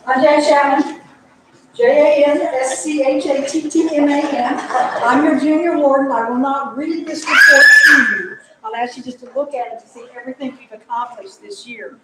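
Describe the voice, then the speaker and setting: A woman serving as junior warden, giving a brisk, joking report at a church meeting. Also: high voice, shouting. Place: church hall. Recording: echoey hall, noisy.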